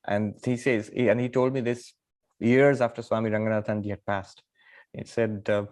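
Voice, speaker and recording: A middle-aged man, a monk, teaching scripture in a spiritual lecture, telling stories with thoughtful pauses and emphatic rises in pitch and loudness. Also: flat delivery. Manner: thoughtful, pausing with fillers.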